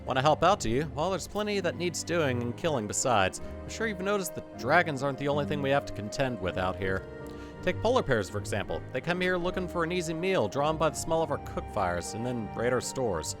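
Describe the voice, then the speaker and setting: A man voicing a brisk, matter-of-fact male hunt leader in a video game. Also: mid-range voice, big pitch swings, over music, voice pushed up, close to an everyday voice.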